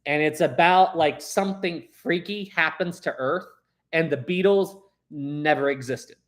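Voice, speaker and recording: A man's voice: fairly high pitch, a little slow, slight background noise. A man chatting casually with viewers as host of a live stream, rambling and laughing easily.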